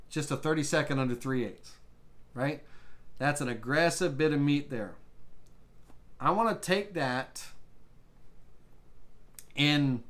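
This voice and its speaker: A man teaching a live CNC software tutorial, thinking aloud with restarts as he works through settings. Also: a little high. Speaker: woodworking CNC instructor.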